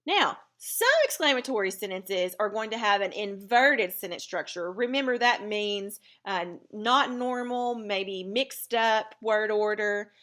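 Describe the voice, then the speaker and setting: Woman teacher going through a writing lesson, bright clear voice, slow careful explaining. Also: medium pitch. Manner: clear, deliberate explaining with fillers.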